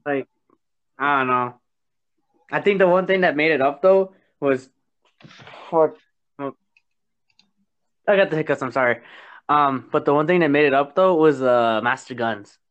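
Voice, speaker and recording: A man's voice: on the high side, moderate pace, fairly bright tone, highs cut off. A young man talking bluntly on a casual podcast, swearing and saying "dude" a lot. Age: young adult. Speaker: podcast guest.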